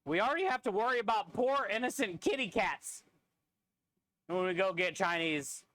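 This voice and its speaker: A man in a joking, casual live-stream chat, talking with viewers as he cooks. His voice sits somewhat high for a man and sounds dry and close, with little room echo. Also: normal speed, fairly bright tone. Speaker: streamer and food truck cook.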